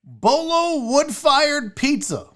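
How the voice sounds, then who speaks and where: A woman's voice: high-pitched, very animated, takes it slowly, fairly bright tone. A woman hosting a casual livestream chat, blunt, profane and mocking as she reacts. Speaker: sports show host.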